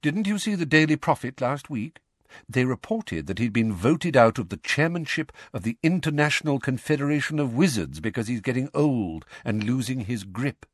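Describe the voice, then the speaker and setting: A weary, thoughtful man in middle age, calm and measured as he explains, his voice moving lively up and down, as a narrator plays him. It is read close and dry, like a storybook. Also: mid-range voice, no room sound, voice pushed up, lightly acted.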